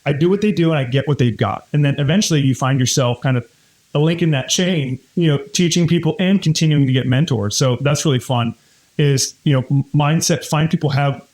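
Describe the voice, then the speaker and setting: A man in his thirties talks as a podcast guest with an upbeat, storytelling energy. He slips into quoted voices as he tells his anecdotes, and he speaks in a fairly high register. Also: a little mellow. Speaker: guest, real estate fund CEO. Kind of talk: casual interview talk.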